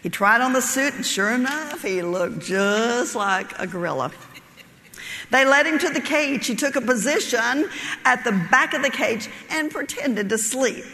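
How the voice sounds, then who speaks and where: Brief: woman preacher, high and bright, folksy storyteller, long hall reverb. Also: expressive, unhurried. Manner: folksy storytelling, laughs at her own jokes. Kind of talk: sermon with a joke story.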